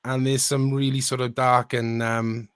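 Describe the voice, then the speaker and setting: A man's voice: mid-range voice, level tone, unhurried, fairly bright tone, clean tone, no echo, clean studio sound. A man co-hosting a podcast in casual chat, rambling thoughtfully as he recounts things. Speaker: podcast co-host.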